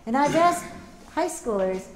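A middle-aged woman speaking to a room, her fairly high voice rolling through anecdotes and putting on other people's voices as she tells them. The room is echoey, with faint noise underneath. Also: unhurried. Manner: anecdotal, animated, acts out quoted voices. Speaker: activist giving a teach-in. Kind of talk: public talk with storytelling.

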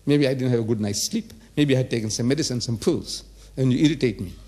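A man's voice: mid-range voice, quick pace, darkish tone. A man in his seventies giving a religious lecture to a live audience, emphatic, repeating phrases and firing rhetorical questions at the listeners. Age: 70s.

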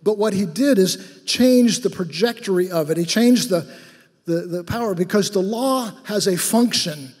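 A man's voice: high-pitched, normal speed, a little mellow, slightly rough. A male pastor preaching a sermon in a church, talking like he is telling a story and then pressing his point with fervor. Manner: conversational storytelling that rises to fervent exhortation. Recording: long hall reverb.

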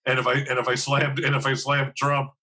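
A man's voice: medium pitch, monotone, a little fast, pushed and bright. A man as a podcast guest in casual chat, making wry, self-deprecating jokes.

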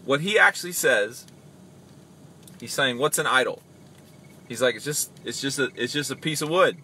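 A man hosting a casual podcast about faith, chatting loosely, acting out quick voices and reading comments aloud. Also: medium pitch, slight background noise. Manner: animated, acts out voices, reads comments aloud. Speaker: podcast host.

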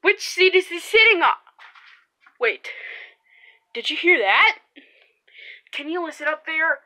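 Playful woman performer, puppet-show teacher, slow-paced, bright tone. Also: extremely high pitch. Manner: excitable, exclaiming, playing a preschool teacher.

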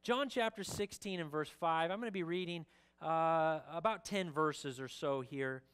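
A pastor giving a Sunday sermon in a church, reading scripture earnestly and making casual asides with fillers. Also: male voice, on the high side, measured pace, fairly bright tone, clean tone. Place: church sanctuary.

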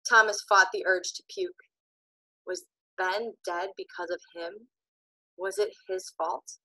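A woman giving an expressive audiobook narration, moving between loud tension and hushed suspense. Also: lowish voice, takes it slowly, no room sound, low-quality recording.

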